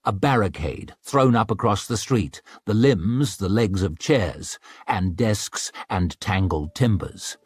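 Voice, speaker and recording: A man narrating an audiobook in a dramatic, expressive storytelling manner. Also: on the low side, slow, slightly rough, dry recording, clean studio sound.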